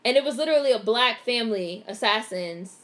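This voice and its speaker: A young woman vlogger giving a casual live movie reaction, excitable and swearing freely as she narrates what happens on screen. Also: fairly high pitch, brisk.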